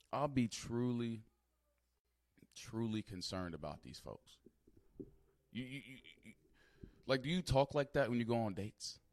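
A man's voice: mid-range voice, dry recording, clean studio sound. A young man giving casual reaction commentary on a news clip, talking in loose slang with lots of asides. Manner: loose slang-heavy talk, frequent laughs and asides. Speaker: streamer reacting to news clips.

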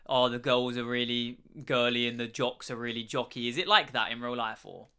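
A man's voice: mid-range voice, steady tone, a little fast, pushed and bright, smooth. A young British man with a British accent, rambling in a casual chat with lots of "like" and free swearing. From Britain. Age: young adult. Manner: rambling, swears freely, many likes.

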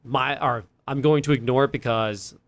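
A man's voice: mid-range voice, steady tone, normal speed, vocal fry. A young man, a podcast co-host rambling through a story in casual chat with fillers and laughs.

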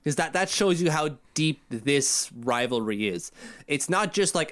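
Male podcast co-host, chatty, rambling, self-correcting, slightly high voice. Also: expressive, measured pace. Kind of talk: casual podcast chat.

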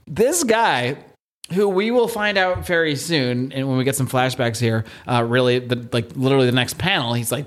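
Here a young male podcast co-host speaks in a mid-range voice that's animated and brisk. His comic book recap is rambling and jokey, full of filler words.

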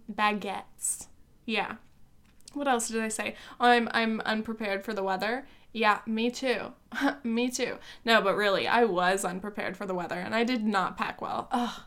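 A woman's voice: on the high side, a bit bright. A young woman hosting her own podcast, chatting casually and teasing herself, with laughs, fillers and the odd swear word. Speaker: podcast host. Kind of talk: casual solo podcast chat.

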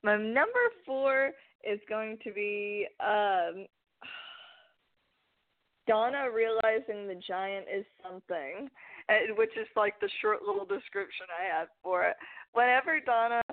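A woman's voice: mid-range voice, unhurried. A woman co-hosting a casual podcast, rambling through a favorite scene from a TV show and quoting the characters and her own reactions. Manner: rambling, conversational retelling with quoted reactions. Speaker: podcast co-host. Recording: phone-like narrow sound.

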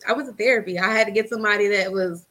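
A woman from Atlanta, a fitness trainer, talks as a guest on a podcast. She speaks in an animated, conversational way and laughs easily. Her voice sits at a middle pitch. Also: rapid-fire. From Atlanta, Georgia, US. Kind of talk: casual interview chat.

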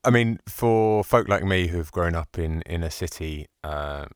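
Deep voiced guy interviewing, curious, laughs along, dead dry mic. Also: a little slow, clear, resonant tone, dry recording. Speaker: interviewer, host. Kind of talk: interview questions.

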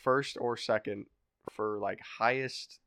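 A young man telling a story in a casual podcast chat, animated and swearing, acting out other people's voices. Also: fairly low pitch, slow, smooth, no echo, studio quality. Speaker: podcast guest.

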